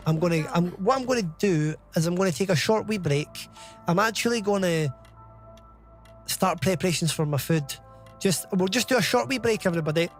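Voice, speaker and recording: A man's voice: high voice, a little fast, faint music behind. A man chatting casually on a game live stream, rambling and laughing often.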